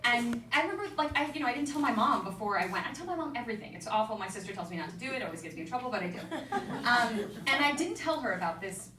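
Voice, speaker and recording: A young woman telling a personal story at an event, candid and self-deprecating with quick asides. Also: a little high, sing-song, background noise. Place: event venue with an audience. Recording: echoey room, mic from a distance.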